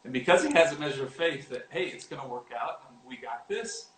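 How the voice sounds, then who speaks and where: A man giving a casual devotional talk as a youth pastor, animated and often acting out quoted lines. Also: brisk, background noise. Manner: animated, acts out quoted lines with rising pitch. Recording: roomy echo with faint ambience.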